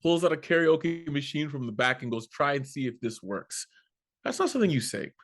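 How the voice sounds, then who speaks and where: A man from Canada, a comedian guest in an interview, telling a story with animated energy and acting out the voices of the people in it. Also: fairly high pitch, fairly quick. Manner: animated, acts out quoted voices, swears casually.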